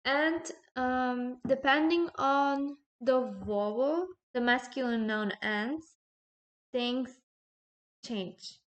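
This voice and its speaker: A woman with a fairly high voice walks through a grammar lesson at an unhurried pace. She explains each rule step by step, stops to ask "okay?", and fills her pauses with a soft "um". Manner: slow and explanatory, with frequent "um" and "okay?" checks. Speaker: language teacher.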